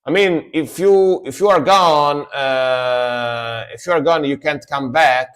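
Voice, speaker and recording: A man's voice: mid-range voice, takes it slowly. A man from Italy, chatting casually and rambling as he reacts to metal songs on a live stream, often repeating himself. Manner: rambling, repeats words, laughs easily.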